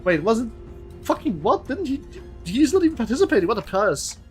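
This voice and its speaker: A young man streaming a game live, reacting excitedly out loud and swearing freely. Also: very high voice, brisk, soft background music.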